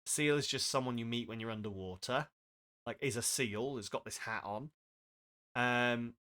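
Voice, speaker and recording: A man's voice: mid-range voice, bright, forceful tone. A man streaming a game with casual, rambling commentary, self-mocking and full of asides.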